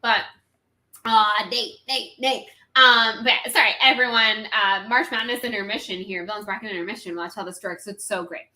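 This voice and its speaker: A woman co-hosting a casual show, telling a quick anecdote with lots of quoted back-and-forth. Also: mid-range voice, bright, forceful tone. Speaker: podcast co-host. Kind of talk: casual chat and storytelling.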